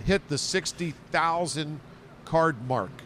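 A man's voice: a little high, takes it slowly, a bit bright, a little hiss or hum. A man hosting a casual podcast in a grocery store, upbeat, thanking guests and reading promos. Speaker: podcast host.

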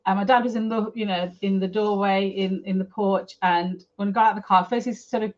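In a steady, slightly mellow mid-range voice, a middle-aged property developer talks briskly as an interview guest. She recounts a personal story with candor and feeling, chatty and full of fillers. The recording is a bit dull and lo-fi.

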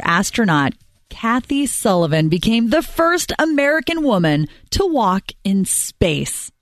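A woman co-host recounting a story in a playful, animated way. Her voice sits at an ordinary middle pitch. The sound is close and dry, with no room around it. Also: dry recording. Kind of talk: casual radio show banter.

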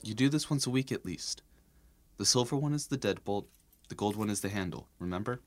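An actor playing a tired male neighbor who flatly reminds her of something he has explained before. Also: on the low side, a little fast. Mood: weary.

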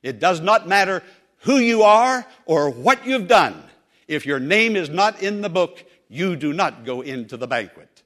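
A man's voice: high voice, very animated, a little slow, a bit bright, voice pushed up, heavily acted. A male preacher voicing a firm but kind maitre d' in a sermon story.

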